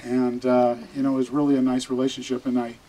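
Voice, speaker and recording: A man's voice: medium pitch, completely flat delivery, fast, warm tone, low-quality recording. A man giving an informal funeral eulogy as a barber, chatty and rambling with many fillers.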